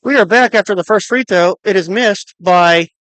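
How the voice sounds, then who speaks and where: An adult announcer calling a high school basketball game on radio, with rapid, clipped calls of each pass and shot and the clock counted down aloud. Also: a bit bright, no echo, rough recording. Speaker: play-by-play announcer.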